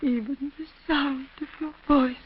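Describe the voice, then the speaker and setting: An actress playing a frail, dying old aunt who speaks faintly and haltingly, in a 1930s radio drama. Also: female voice, high voice, steady tone, slight background noise. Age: older. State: weak and gasping. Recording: dull lo-fi 1930s radio recording.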